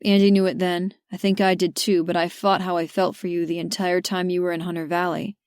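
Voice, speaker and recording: A once-grumpy young man in love, speaking soft, deep-ish and earnest, as a woman reads him. His lines have a smooth tone with little room sound around them. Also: little pitch movement, a little fast, no echo, studio quality, natural voice. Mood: tender.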